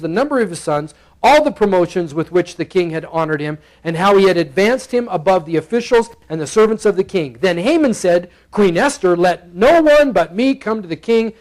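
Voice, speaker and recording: A man's voice: sits high, expressive, fairly quick, few pauses, darkish tone, poor audio. A man preaching a sermon in a church, playfully acting out the characters as he reads through the passage. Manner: playful, acts out the characters in bursts. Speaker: pastor. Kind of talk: expository sermon. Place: church sanctuary.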